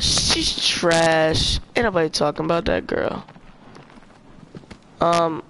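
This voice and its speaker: A young man streaming a video game, chatting in slang and yelling at the game when things go wrong. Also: fairly high pitch, slow pace, gravelly, long pauses. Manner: excitable, trash-talking slang, yells at the game. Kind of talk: casual gaming commentary. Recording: noisy game sound underneath.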